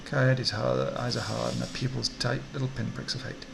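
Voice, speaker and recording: Gravelly male let's play host reading text, mid pitch, faint hiss. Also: level tone, normal speed, fairly bright tone, low-quality recording. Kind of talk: reading game text aloud.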